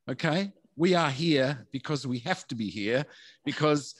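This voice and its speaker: A man's voice: a little high, animated, dry recording. Australian father giving a toast over video. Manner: warm, halting, laughs between phrases. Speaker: father of the groom. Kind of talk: wedding speech over video call. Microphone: video call.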